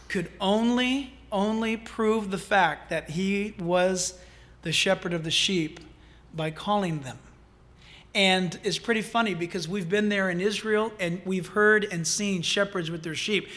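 Animated high-voiced male pastor preaching. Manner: animated, humorous preaching with asides. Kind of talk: sermon.

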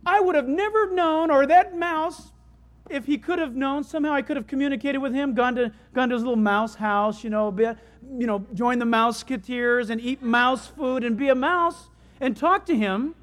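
Animated conversational preacher. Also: sits high, normal speed. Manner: animated, conversational, swings from loud to hushed. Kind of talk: sermon with storytelling.

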